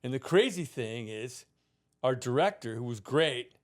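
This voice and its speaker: A man's voice: medium pitch, unhurried. A middle-aged man hosting a podcast in casual chat, telling stories and acting out the people he quotes. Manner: lively storyteller who acts out the people he quotes. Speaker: podcast host.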